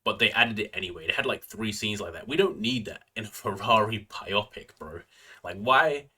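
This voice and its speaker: A man's voice: fairly low pitch, lively intonation, normal speed, pushed and bright, husky. A man giving a casual, opinionated movie review, ranting, with constant fillers and slangy asides. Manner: ranting, filler-heavy, frequent "like" and "bro".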